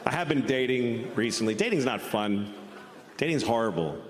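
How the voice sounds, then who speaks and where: A man performing stand-up comedy, grumbling in a rapid way. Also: mid-range voice, animated, in a large hall, slight background noise.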